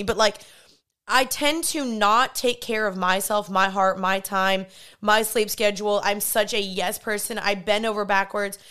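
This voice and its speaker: Young woman vlogger, smooth clear voice, chatty and earnest, lots of quick asides. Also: medium pitch, sharp tone. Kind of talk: casual confessional vlog talk.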